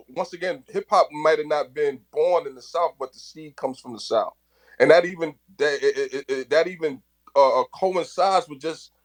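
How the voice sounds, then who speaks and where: A man from the Bronx talks in a casual audio chat, his voice a touch higher than most. He speaks with passion and keeps repeating and restarting words as he drives his point home. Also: poor audio. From New York, the Bronx.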